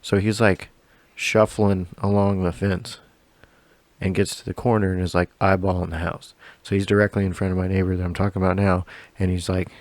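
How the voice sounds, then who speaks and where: A man's voice: deep voice, flat delivery, brisk, dry recording. A man co-hosting a podcast, telling a long story in a loose, rambling way, swearing often and laughing along. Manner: profane, rambling, laughs a lot. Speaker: podcast co-host. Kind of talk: casual storytelling chat.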